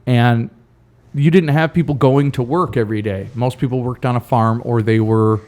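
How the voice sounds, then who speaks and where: A man's voice: mid-range voice, steady tone, a little mellow. Rambling man hosting a wine podcast. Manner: rambling, self-correcting, reads trivia statements slowly. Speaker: podcast co-host running a trivia game. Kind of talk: casual chat.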